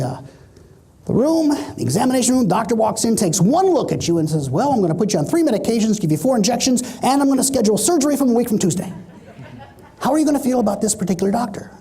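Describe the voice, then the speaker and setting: Mellow, husky-voiced man telling stories. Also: high voice. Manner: animated storyteller, acts out quoted voices. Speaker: motivational speaker. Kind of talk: keynote speech with stories.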